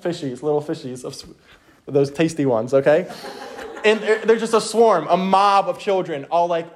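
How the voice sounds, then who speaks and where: A young man teaching a youth group from the Bible in a casual, energetic way, often checking in with his listeners. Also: a little high, normal speed. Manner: energetic, checks in with "okay?" constantly.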